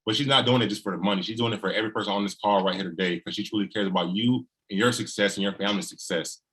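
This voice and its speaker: A man on a video call with a low voice and a bright, forceful tone. He speaks in an earnest, folksy way as he pays tribute to his wife. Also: racing. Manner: earnest and folksy, peppered with "you know". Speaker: husband giving a tribute speech.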